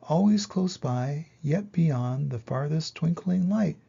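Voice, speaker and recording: Older man reading ancient wise turtle, female, calm; gravelly, very slow. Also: a little high, highs cut off, voice pushed up, heavily acted. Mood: solemn. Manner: slow, solemn storybook reading.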